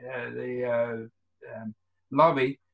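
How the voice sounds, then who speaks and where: A man's voice: medium pitch, flat delivery, slow, creaky, dull audio. A man from New Zealand around seventy with a New Zealand accent, telling rambling anecdotes in a casual interview and acting out the quoted lines. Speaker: guest, retired runner.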